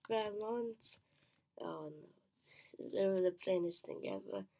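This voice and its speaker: A woman's voice: lowish voice, big pitch swings, slow pace, warm tone. Woman muttering through a quiz. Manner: mutters to herself, drops into whispers; trails off and restarts answers. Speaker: quiz player. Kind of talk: thinking aloud during a timed quiz.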